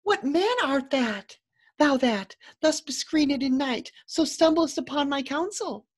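Lovesick young noble lady, high sighing falsetto, drawn-out pleading, a man putting it on. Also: expressive, dry recording. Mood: startled.

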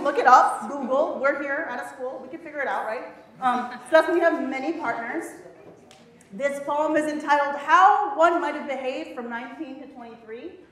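A woman's voice: sits high, fairly bright tone. A woman poet performing spoken word in a college hall, with rhythmic, dramatic delivery and playful laughing asides to the audience. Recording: very echoey hall.

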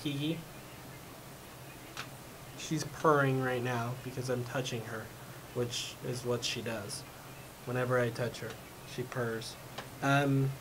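A man vlogging at home, rambling in a frustrated way with lots of fillers and a voice he says is going. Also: medium pitch. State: losing his voice. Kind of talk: casual rambling vlog. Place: home room with his cat. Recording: noisy home recording.

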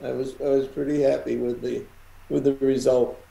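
A man talking as a guest comic artist in a casual chat, recalling his methods in a measured, halting way. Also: medium pitch, little pitch movement, creaky, dark tone. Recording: echoey room.

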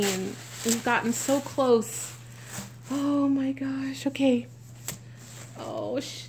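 A woman's voice: on the high side, a little hiss or hum. A woman vlogger chatting through an unboxing, gushing and exclaiming with frequent gasps. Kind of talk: unboxing vlog chat.

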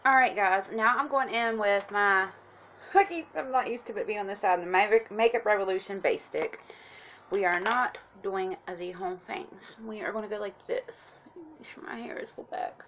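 A medium-pitched, slightly bright female voice comes at a moderate pace, with a little hiss or hum. The makeup vlogger chats casually through her tutorial, telling her "guys" what she's doing at each step in an instructive way.

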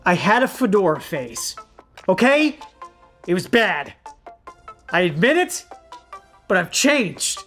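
Self-mocking man joking over soft music. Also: sits high, very animated, slow pace, pauses often. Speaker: former child actor reviewing his old outfits. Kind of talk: casual vlog commentary.

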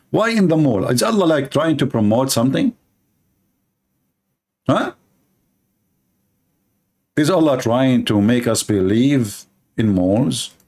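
Man, sarcastic, mocking, religious polemic commentary, medium pitch. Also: darkish tone. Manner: sarcastic, laughing at his own points. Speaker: religious debater.

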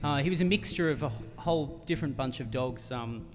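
A man's voice: mid-range voice, fairly quick, faint music behind. An Australian man telling a long, rambling comic story between songs at a live concert, full of fillers and restarts. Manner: rambling, self-deprecating, many fillers and restarts. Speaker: singer-songwriter telling a story on stage. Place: live music venue, in front of an audience. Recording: live concert hall with reverb.

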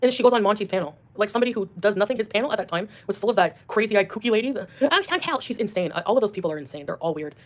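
Rapid-fire ranting woman. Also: mid-range voice. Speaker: streamer. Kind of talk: ranting livestream clips.

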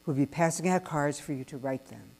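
A woman hosting the event, reading a formal, measured introduction of the speakers in a large synagogue hall. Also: deep voice, creaky, darkish tone.

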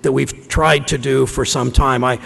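A man in his fifties from Ohio, a senator giving a speech to a conference audience, telling stories in a folksy way with halting restarts. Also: medium pitch, steady tone, fairly bright tone. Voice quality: gravelly voice. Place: large conference room. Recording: long hall reverb.

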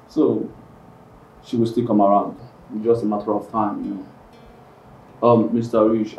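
Deep gravelly doctor, dark, echoey and distant, light music. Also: male voice. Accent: Nigerian. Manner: reassuring, confident. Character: calm, self-assured male doctor. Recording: roomy, distant film sound with music.

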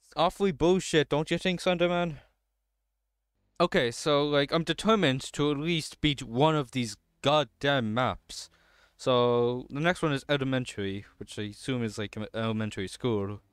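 A man's voice: mid-range voice, normal speed, smooth, no echo. Male gamer, nervous horror commentary, constant cursing, clean dry close-mic sound. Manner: jumpy, swears constantly, nervous self-talk. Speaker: let's play gamer.

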